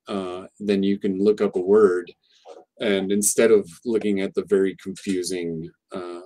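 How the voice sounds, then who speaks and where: A man's voice: deep voice, mellow. A man talking casually on a podcast about teaching pronunciation, rambling and restarting often. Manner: rambling, frequent restarts and fillers, explanatory. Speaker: English teacher guest.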